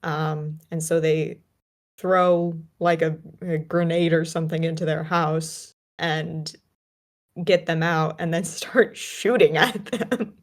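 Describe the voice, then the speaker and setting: A woman's voice: low-pitched, steady tone, slow pace. A woman co-hosting a podcast from a remote call, chatting casually about a film with lots of fillers and restarts. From United States. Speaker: podcast co-host.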